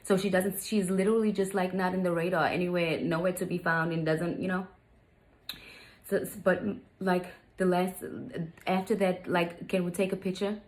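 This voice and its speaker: A woman's voice: fairly low pitch, level tone, normal speed, poor audio. A young adult woman, a stepmother, telling a story in a casual vlog, emphatic and heated, with many fillers. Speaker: vlogger, stepmother.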